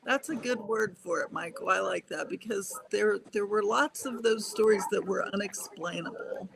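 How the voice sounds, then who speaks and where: Gravelly-voiced older woman, chatty guest. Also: medium pitch, normal speed, background noise. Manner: chatty, laughs often. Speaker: guest speaker. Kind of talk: casual panel chat.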